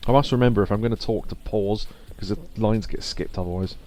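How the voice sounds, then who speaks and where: A man chatting casually through a live game stream, joking and laughing, his voice a bit rough from a sore throat. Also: fairly low pitch, brisk, darkish tone. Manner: chatty, laughs often, wry asides. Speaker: gaming streamer. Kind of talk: casual live gameplay commentary. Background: faint game music.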